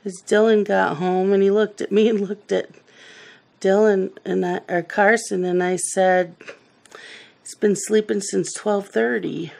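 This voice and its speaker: A woman's voice: medium pitch, steady tone, a little slow, creaky, a little mellow. A middle-aged woman hosting a coloring video, chatting casually and telling rambling family stories while she works. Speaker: coloring channel host.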